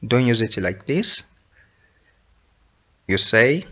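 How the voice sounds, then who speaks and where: A man teaching an English grammar lesson, explaining slowly and repeating each example sentence. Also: medium pitch, lively intonation, bright, forceful tone, highs cut off.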